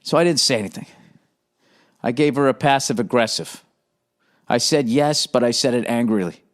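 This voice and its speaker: A man in his fifties with a Boston accent, hosting a podcast with a profane, exasperated comedic rant and quick impressions of others. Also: mid-range voice. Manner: profane, exasperated, mimics others mid-story. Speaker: podcast host. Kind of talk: comedic ranting monologue.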